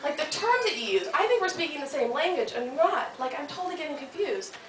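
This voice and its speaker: On a comedy club stage, an American woman from the United States does a stand-up set, chatting playfully, teasing the crowd and slipping into silly voices. Her voice is high, expressive and fast with a fairly bright tone and a little hiss or hum. The club is echoey, the mic sounds distant, and audience laughter fills the background.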